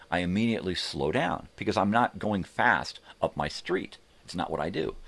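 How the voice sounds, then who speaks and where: Very deep gravelly older man ranting. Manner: profane, heated storytelling. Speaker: host of a morning live show. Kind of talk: casual ranting monologue.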